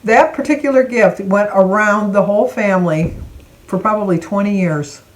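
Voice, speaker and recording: An older woman from Michigan tells a family story in a casual, lively way, acting out the voices of the people in it. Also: mid-range voice, normal speed, low-quality recording. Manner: animated, acts out quoted voices. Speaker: vlogger.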